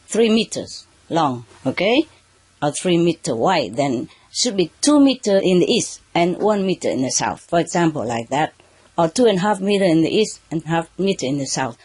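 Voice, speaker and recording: A spiritual teacher addressing a live audience under spotlights, speaking halting, non-native English and often checking in with "okay" and "huh". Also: medium pitch, slightly rough, no room sound. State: slightly emotional at moments. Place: under bright spotlights, indoors.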